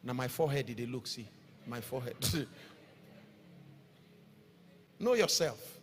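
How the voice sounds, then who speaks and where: A man with a Nigerian accent preaching a fervent sermon. He calls out to the congregation, his voice rising into sing-song lines and sudden shouts. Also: medium pitch, expressive, a little fast, a little hiss or hum. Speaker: pastor. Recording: echoey hall with faint music.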